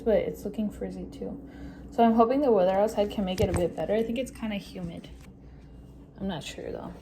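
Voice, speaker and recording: A young woman in her twenties chats to camera from her kitchen, sharing advice in an upbeat, easygoing way. Her voice sits at an ordinary middle pitch, and she drops in the odd Spanish phrase. A steady hum of background noise runs under the home recording. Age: 20s. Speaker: vlogger. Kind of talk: casual vlog talk to camera.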